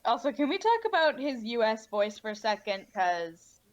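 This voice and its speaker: A woman's voice: a little high, very animated, no room sound. Chatty woman on a dull lo-fi mic. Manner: chatty, quick asides. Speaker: podcast co-host. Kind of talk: casual chat.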